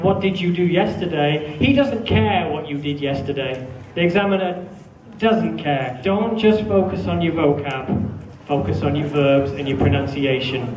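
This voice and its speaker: Animated male teacher in an echoey room. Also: fairly high pitch, recorded from a distance. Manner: animated, acts out student answers with exaggerated feeling. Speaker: English teacher. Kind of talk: classroom lecture. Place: classroom. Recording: echoey room, mic from afar, faint noise.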